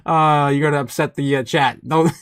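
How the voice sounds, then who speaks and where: A man hosting a market livestream, excitable and quick to laugh, reading viewer chat aloud. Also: fairly high pitch, clear, resonant tone, no room sound, studio quality. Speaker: host.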